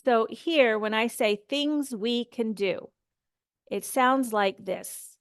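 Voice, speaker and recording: A woman's voice: on the high side, takes it slowly, smooth, dry recording, clean studio sound. A woman teaching an English grammar lesson, explaining patiently and repeating example phrases to model pronunciation.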